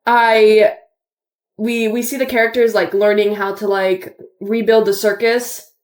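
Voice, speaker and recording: Woman, casual chat, animated retelling, echoey room. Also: mid-range voice, measured pace. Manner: excitable, animated retelling with laughter. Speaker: co-host reacting to a show finale.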